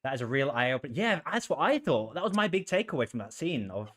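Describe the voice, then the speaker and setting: A man's voice: medium pitch, very animated, fast talker, fairly bright tone. A man hosting a podcast, joking around and rambling in casual chat. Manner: playful, jokey, rambling. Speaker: podcast host.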